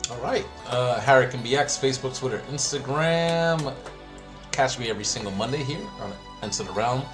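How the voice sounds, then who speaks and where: Casting: male podcast co-host, brisk plugs, music clearly underneath. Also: mid-range voice. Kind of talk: casual group chat sign-off.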